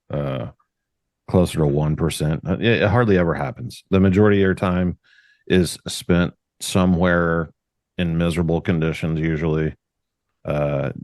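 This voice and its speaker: A man who researches Bigfoot, a podcast guest, explaining things in a measured way. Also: a bass voice, a little mellow, no echo, studio quality. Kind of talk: casual podcast chat.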